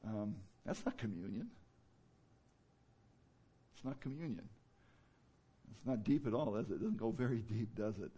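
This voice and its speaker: A man preaching a sermon in a conversational way, with many fillers, who now and then rises into loud, emphatic bursts. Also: mid-range voice, normal speed, pauses often. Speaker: pastor.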